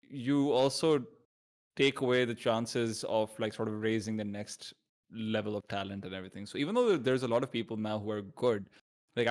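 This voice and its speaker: Rambling Pakistani-accented man. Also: medium pitch. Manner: rambling, full of fillers and restarts. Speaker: esports commentator guest. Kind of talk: casual podcast chat.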